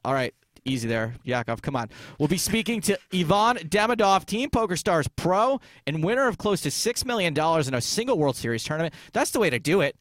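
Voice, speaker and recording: A man's voice: a little high, fairly bright tone, no room sound. Upbeat joking male radio host. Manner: upbeat, joking, quick-talking. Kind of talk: casual studio banter.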